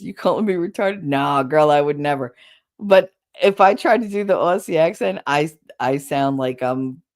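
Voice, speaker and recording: A livestream host talks casually and candidly with her chat, rambling and swearing now and then. Her voice is low and a little mellow.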